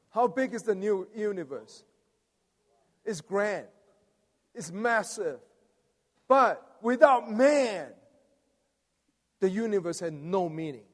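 A man's voice: sits high, expressive, takes it slowly, pauses often. A man preaching a sermon, rousing, coaxing the audience to respond. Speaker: preacher leading a conference message. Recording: long reverb of a large hall.

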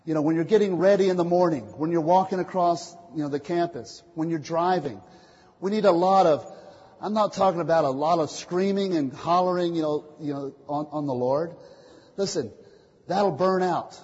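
A man preaching a sermon, calling out questions for the congregation to answer and swinging from quiet asides to loud declarations. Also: on the high side, breathy edge. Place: church meeting hall. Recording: muffled, echoey hall recording.

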